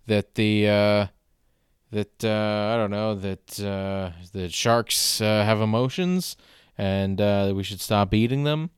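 Young male comic, rambling and halting delivery, smooth voice, dry close sound. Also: on the low side, dry recording. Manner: rambling, halting with many fillers. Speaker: stand-up comedian. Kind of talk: casual comedic monologue.

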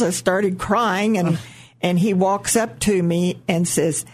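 Older woman, husky, low-pitched, slow, laughing storyteller. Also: fairly even intonation. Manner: slow, laughing often, quotes others in lifted voices. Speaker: guest, mother. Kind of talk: casual storytelling.

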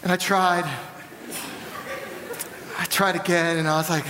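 A young man delivers a sermon, telling stories on himself in a candid, animated way. His voice sits high. It rings out in a big church hall with long reverb and a faint hum of room noise. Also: unhurried. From American South. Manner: candid storytelling, animated and self-deprecating. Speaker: pastor.

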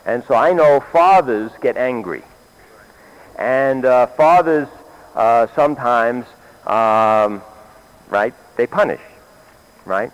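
A man's voice: mid-range voice, expressive, slow, pauses often, clean tone. An older man, a grandfather, preaching a sermon in a meeting hall, questioning his listeners and repeating key phrases.

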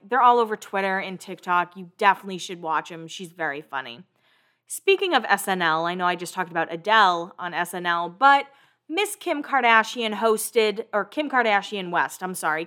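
A woman's voice: mid-range voice, pushed and bright. A young woman hosting a pop culture podcast, chatting casually and animatedly about celebrity gossip, with the odd swear word. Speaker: podcast host. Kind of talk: casual chat.

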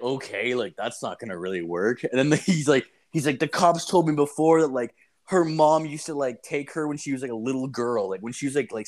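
A young man telling a story in casual chat, swearing constantly and acting out the people he quotes. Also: medium pitch. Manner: profane, animated, acts out quotes.

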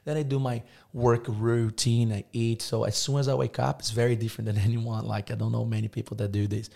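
Gravelly, warm-toned effusive man. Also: mid-range voice, flat delivery. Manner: effusive, encouraging, talks in rapid lists. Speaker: podcast guest, business owner. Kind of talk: casual podcast conversation.

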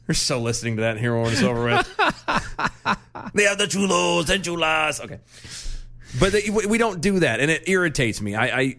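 A man's voice: fairly high pitch, fairly bright tone. A man co-hosting a podcast in casual chat, sarcastic and laughing often as he talks. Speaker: podcast co-host.

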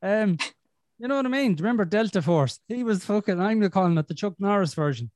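A man's voice: high-pitched, expressive, quick pace, a little mellow, no room sound. A man hosting a podcast in casual chat, blunt and sweary with a self-deprecating streak. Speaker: podcast host.

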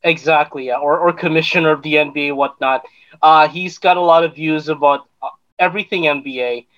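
A man co-hosting a casual sports podcast, talking haltingly with many restarts. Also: fairly high pitch, fairly even intonation, a bit bright, poor audio. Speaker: podcast co-host.

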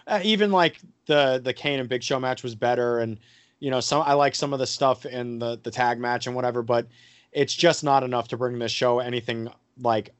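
A man's voice: medium pitch, no room sound. A man hosting a casual podcast, rambling with lots of fillers and crude jokes. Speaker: podcast host.

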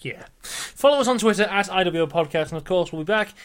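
A man hosting a casual wrestling-predictions podcast, brisk and teasing with his co-host. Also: high voice, lively intonation, fairly bright tone.

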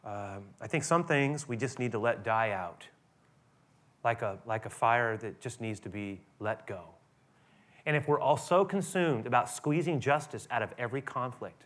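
A man's voice: medium pitch, fairly bright tone. A man preaching a sermon as pastor, talking in a conversational way with restarts and building to emphatic peaks.

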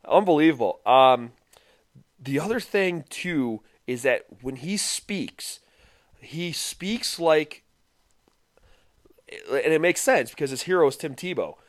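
A man co-hosts a casual podcast, his pitch leaping around as he gets animated. He swears freely and laughs often. The sound is close and dry. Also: slow, long pauses, no echo. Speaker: podcast co-host. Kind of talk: casual chat recapping a reality dating show.

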